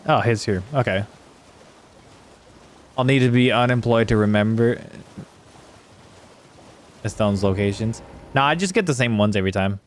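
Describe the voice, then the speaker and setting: A man's voice: lowish voice, moderate pace, long pauses, a little hiss or hum. A male streamer chatting casually while playing, rambling and swearing as he talks to his chat.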